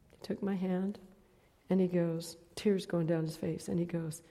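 A woman in her sixties preaching a sermon, telling stories with stammering restarts and swinging from loud exhortation to hushed recollection. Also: fairly low pitch, fairly even intonation, a little slow, long reverb tail. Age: 60s. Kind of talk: sermon with storytelling.

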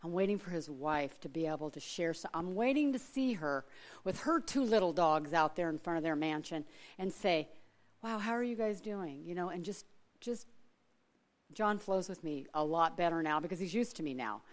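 A woman's voice: on the low side, lively intonation, normal speed. A middle-aged woman from Alaska giving a chatty sermon full of personal stories, laughing often and acting out other people's voices. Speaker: church speaker.

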